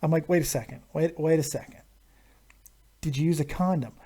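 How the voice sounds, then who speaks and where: A man hosting a live stream, telling a crude story in a casual, animated way with constant swearing. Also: on the high side, fairly quick, husky. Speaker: host of a live viewer Q&A stream.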